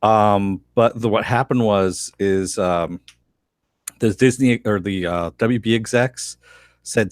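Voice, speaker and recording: A man's voice: on the low side, slow, dry recording, studio quality. A man co-hosting a podcast, reading news in an easygoing, chatty way. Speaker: podcast co-host. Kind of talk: casual chat.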